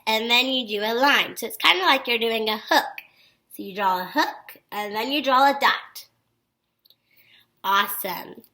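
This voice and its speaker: A woman teacher with a slightly high voice gives young children a phonics lesson. She keeps things upbeat, praises them encouragingly, and reads sample sentences with exaggerated expression.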